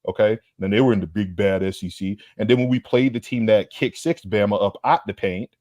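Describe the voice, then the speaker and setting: A man's voice: fairly low pitch, a little fast, a little mellow, no echo, studio quality. A man co-hosting a sports podcast, trash-talking rivals in a brash, emphatic way. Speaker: podcast co-host. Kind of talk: heated sports banter.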